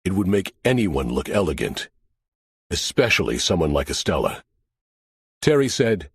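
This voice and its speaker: Low, expressive male audiobook narrator. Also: moderate pace, pauses often, breathy edge, no echo. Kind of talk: first-person audiobook narration.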